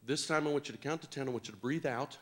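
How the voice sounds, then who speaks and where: A man's voice: medium pitch, rapid-fire. A man preaching to a congregation in a church hall, coaxing them with playful teasing and jokes. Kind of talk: lively interactive church talk.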